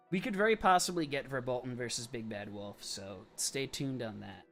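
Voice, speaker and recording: Young male streamer, mid-pitched, casual and chatty, quick calls with asides, faint music under him. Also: animated, a bit bright. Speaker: livestream host. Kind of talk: casual live-stream commentary.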